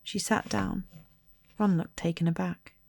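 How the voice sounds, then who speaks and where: Soft gravelly woman reading a story. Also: lowish voice, fairly even intonation. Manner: soft, slow, partly whispered. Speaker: storybook reader.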